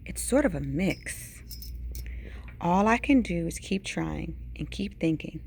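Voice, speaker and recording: Slow, expressive woman reading a picture book. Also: creaky, breathy edge. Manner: dramatic storytelling with sudden hushed whispers and big pitch swings. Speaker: teacher reading aloud. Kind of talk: bedtime picture-book read-aloud.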